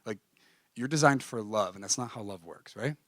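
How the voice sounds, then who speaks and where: Animated male church speaker telling a story. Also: lowish voice, moderate pace, no room sound, studio quality. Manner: animated, acts out conversations, frequent "like". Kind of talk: storytelling talk.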